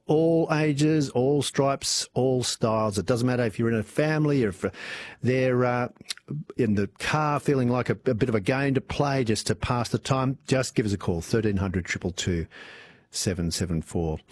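A man with an Australian accent hosting an evening talk radio show, chatting warmly with listeners and swooping up and down as he talks. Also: medium pitch, animated, normal speed, no echo. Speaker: radio host. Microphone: studio microphone.

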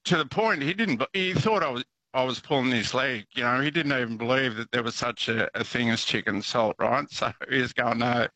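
A man's voice: medium pitch, a little fast, hardly any pauses, pushed and bright, no room sound, low-quality recording. A man calling in to a radio show, telling a story in a chatty, hesitant way with laughs. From Australia. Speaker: radio caller.

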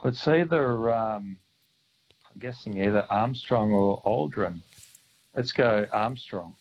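A man calling in to a talkback radio quiz, relaxed and easygoing. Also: lowish voice, takes it slowly, breathy edge, lo-fi sound. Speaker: caller. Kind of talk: casual talkback call.

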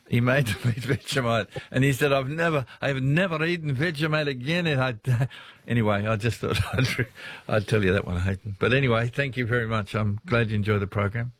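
A man's voice: mid-range voice, steady tone, fairly quick, no room sound. A man with an Australian accent hosting a casual talkback radio show, chatty and rambling, often laughing between asides. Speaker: radio host.

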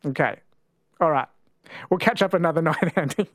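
A talkback radio host, a man with a slightly high voice, keeps things loose and playful as he quizzes callers. He talks into a studio mic that sounds close and dry. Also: moderate pace, a bit bright, dry recording. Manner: playful, chatty, laughs easily. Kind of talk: talkback radio chat and quiz.

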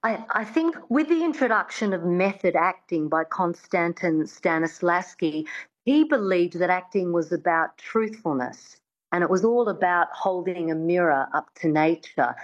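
A woman accent coach, a guest on a radio show, explains things in a measured way with occasional ums. Her voice sits a little low and comes through a dull, lo-fi line. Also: animated. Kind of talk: radio interview.

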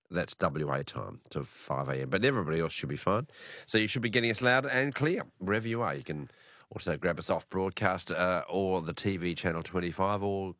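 Australian male late-night radio host, croaky from a cold, very deep voice, chatty. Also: no echo, clean studio sound. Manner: chatty, self-deprecating, lively. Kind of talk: radio talk show hosting. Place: radio studio. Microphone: studio microphone.

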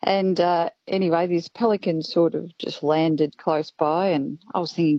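A woman calling in to a radio show, telling a story in a chatty, animated way. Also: low-pitched, moderate pace, few pauses, no room sound, dull audio. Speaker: caller. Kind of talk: phone-in storytelling.

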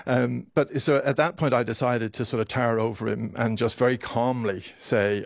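A man in his fifties, a doctor telling a harrowing story in a radio interview, emotional and halting, repeating words as his voice catches. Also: medium pitch, steady tone, vocal fry, no room sound, studio quality. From Ireland.

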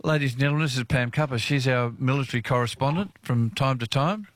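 A man's voice: medium pitch, fast, no room sound. An Australian man hosts a live radio show from a park, chatting and joking with the people around him. His voice sits in the middle of the range for a man. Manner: chatty and jokey. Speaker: radio talkback host. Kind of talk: live outdoor radio broadcast. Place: outdoors in a park.

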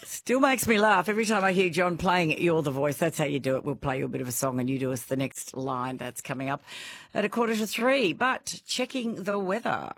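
A woman's voice: sits low, lively intonation, a little fast. An Australian woman hosting a radio show, chatting casually with callers and laughing easily. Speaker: radio host. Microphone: studio microphone.

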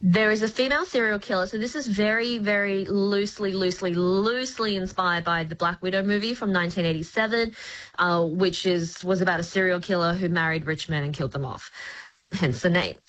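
A woman's voice: mid-range voice, a little fast, rough recording. Articulate woman critic explaining a show. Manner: articulate, explanatory, lively emphasis. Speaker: screen critic. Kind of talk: casual review chat.

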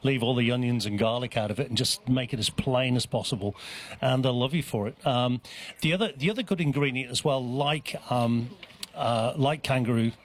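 Man, guest chef, halting casual explainer with lots of restarts. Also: mid-range voice, a little hiss or hum. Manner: hesitant, many restarts and fillers. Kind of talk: casual radio chat. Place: outdoor dog park.

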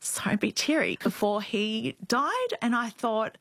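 A woman's voice: a little high, animated, measured pace, fairly bright tone, dry recording. A woman in her forties, a guest, telling a very personal story in an earnest, reflective way. Her voice rises when she quotes her own thoughts.

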